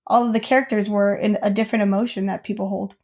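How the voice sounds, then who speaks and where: A woman's voice: medium pitch, fairly even intonation, quick pace, a little mellow. A young woman co-hosting a podcast, telling a childhood story in casual chat with lots of fillers. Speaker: podcast co-host.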